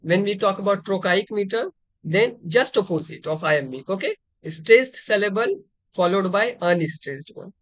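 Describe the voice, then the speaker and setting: A man's voice: sits high, lively intonation, normal speed, fairly bright tone, no echo. A man teaching a literature lecture, explaining terms step by step with frequent fillers and restarts. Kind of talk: exam-prep lecture.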